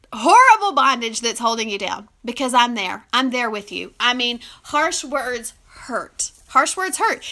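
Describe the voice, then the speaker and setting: A young woman talks straight to the camera about love and kindness in an earnest, heartfelt way. Her voice sits high and rings bright, and she giggles often and gets teary at times. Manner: warm, emotional, giggly, earnest. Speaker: relationship advice vlogger. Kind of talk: casual heartfelt talk to camera.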